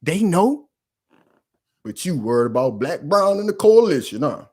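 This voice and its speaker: A man's voice: on the high side, big pitch swings, unhurried, a little hiss or hum. A man hosting his own channel, delivering heated, emphatic commentary full of slang and rhetorical questions. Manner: loud, emphatic, confrontational.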